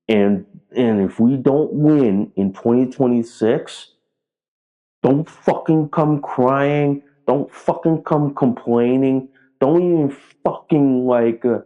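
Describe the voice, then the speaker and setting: A man's voice: medium pitch, dark tone, dull audio. A man delivering a political commentary monologue, blunt and profane, repeating himself as he rallies his viewers.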